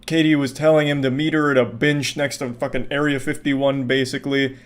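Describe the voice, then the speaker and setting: A man in his thirties hosting a casual reaction commentary, telling stories in a profane, animated way. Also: mid-range voice, a little fast. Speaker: host reacting to videos.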